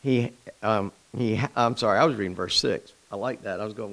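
A man's voice: on the low side, a little fast, gravelly, a bit bright, poor audio. A man preaching an informal sermon in a small church, folksy and conversational, with asides and restarts. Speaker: pastor.

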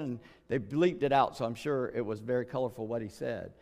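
A middle-aged man preaching a sermon as pastor, in a folksy, chatty way with jokes and quick asides. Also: medium pitch, lively intonation, darkish tone. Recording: long hall reverb.

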